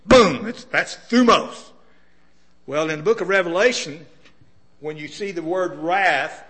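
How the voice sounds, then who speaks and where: Bright-voiced man preaching a sermon. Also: fairly high pitch. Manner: conversational, asks the listeners questions.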